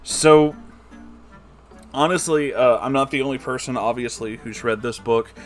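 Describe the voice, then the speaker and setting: A man's voice: mid-range voice, measured pace, faint music behind. A man giving comedic, sarcastic commentary while reading a book aloud, exasperated and swearing freely.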